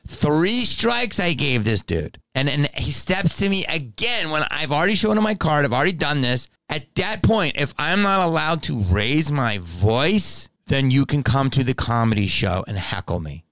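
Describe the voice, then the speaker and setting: A man in his fifties tells a grievance story as a podcast host, heated and full of profanity and mocking asides. His voice sits somewhat high for a man. The sound is dry and close, with no room around it. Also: very animated, moderate pace, few pauses, a bit bright, no echo. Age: 50s.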